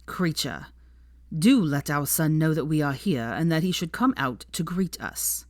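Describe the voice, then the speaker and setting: A woman's voice: sits low, a little slow, darkish tone, no room sound, studio quality. A woman doing a cold drawling aristocrat. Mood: menacing. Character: cold aristocratic older man, menacing.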